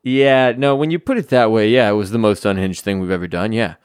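A man co-hosting a casual podcast, tossing in dry, deadpan quips and playing along with the bits. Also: on the low side, fairly quick, clear, resonant tone. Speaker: podcast co-host.

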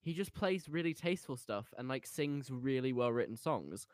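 A man's voice: medium pitch, expressive, moderate pace, no echo, clean studio sound. A man hosting a casual music chat, wry and opinionated, joking at the others.

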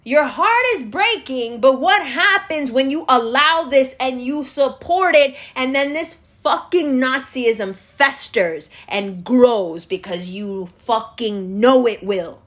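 Woman, high voice, unhurried, profane angry rant, scornful, lecturing the viewer. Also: a bit bright. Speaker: political commentator. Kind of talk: angry political rant to camera.

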